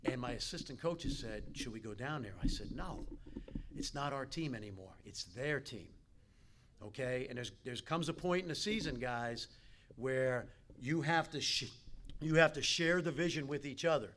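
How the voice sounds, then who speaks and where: In a banquet hall, a man delivers a motivational keynote at a team dinner, speaking at normal speed in a mid-range voice. An animated storyteller, he tells stories and talks straight to the players.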